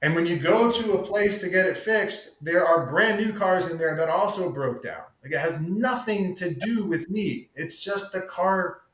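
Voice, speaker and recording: A man's voice: high voice, moderate pace, hardly any pauses, fairly bright tone, echoey room, rough recording. A man talking candidly as a podcast guest, emphatic and profane, calling the host "dude" often. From United States. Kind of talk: casual candid conversation.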